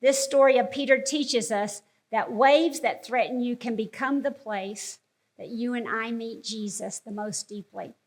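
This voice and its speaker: A woman's voice: fairly high pitch, measured pace. A woman preaching a sermon in an earnest, emphatic way, repeating key words for stress.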